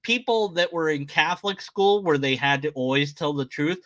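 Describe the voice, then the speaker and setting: A man's voice: a little high, normal speed, a bit bright. A man giving casual, sarcastic commentary on a video, often exclaiming in disbelief.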